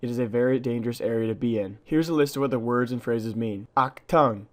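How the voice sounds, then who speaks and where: A man narrating a scripted tour of a video game map. He is brisk and matter-of-fact, and muses over small oddities he found. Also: mid-range voice. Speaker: gaming channel host.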